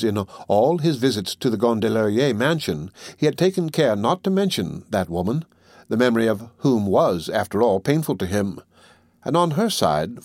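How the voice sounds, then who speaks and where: A male audiobook narrator with a mid-range voice reads in a measured, steady storytelling manner. The sound is close and dry, with no room echo at all. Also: medium pitch. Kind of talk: scripted narration.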